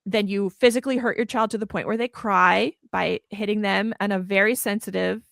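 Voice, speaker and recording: A woman's voice: medium pitch, steady tone, a little fast, gravelly, a bit bright, no room sound, clean studio sound. A woman guest on a podcast, talking in an impassioned, emphatic and indignant way. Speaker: guest author. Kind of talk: podcast conversation.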